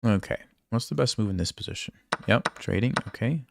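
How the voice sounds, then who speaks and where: A hoarse man commentating his own online games as a chess coach, thinking aloud in a relaxed way and quizzing viewers. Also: fairly low pitch, a little fast, no echo. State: hoarse, losing his voice, coughing. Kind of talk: casual live game commentary.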